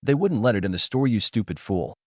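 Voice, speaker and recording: A man's voice: lowish voice, animated, a little fast, dry recording, clean studio sound. A man reading the lines of a cold, smug teenage boy rival in a fan story, in a scornful way.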